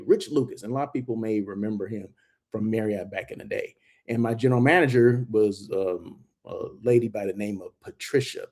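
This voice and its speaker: A man giving a casual walking vlog tour of a hotel, chatty and excitable, filling his talk with asides and "right?" tags. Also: medium pitch. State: out of breath while walking. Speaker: hotel industry vlogger. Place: hotel grounds, indoors and out.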